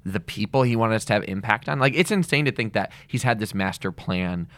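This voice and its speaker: A man's voice: fairly low pitch, animated, fairly quick, a bit bright, dry recording. A man co-hosting a church podcast, talking earnestly and animatedly about faith, with many filler "like"s. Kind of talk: casual faith conversation. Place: small room at the church.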